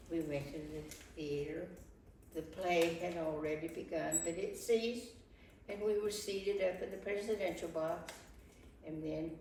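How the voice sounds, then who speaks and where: A woman in her nineties portrays a fretful, devoted Civil War-era first lady. She speaks in a lowish voice, halting and repeating words as she recounts her worries. She is heard from far off in a very echoey room with faint noise behind her. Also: darkish tone. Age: 90s. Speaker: historical portrayer. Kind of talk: first-person historical monologue.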